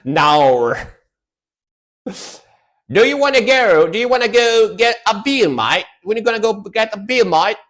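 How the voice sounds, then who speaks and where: A man's voice: high voice, very animated, unhurried, long pauses, fairly bright tone, pitched above the performer's own voice, full character voice. A man voicing an exaggerated Australian bloke inviting a mate for a beer, with a mock Australian accent. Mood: teasing.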